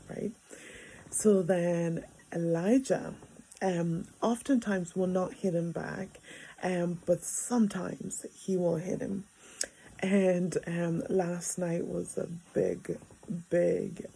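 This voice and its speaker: Mom vlogger in her 30s, slow rambly storytelling, gravelly husky voice, lots of ums. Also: on the low side, warm tone, poor audio. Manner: rambling with many fillers. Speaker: vlogger, mother. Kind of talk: casual storytelling. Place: bedroom.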